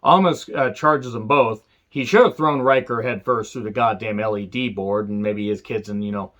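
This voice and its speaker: A man reviewing a wrestling show in a casual, profane rant, sarcastic and dry, with sudden sharp outbursts. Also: fairly low pitch, moderate pace, highs cut off.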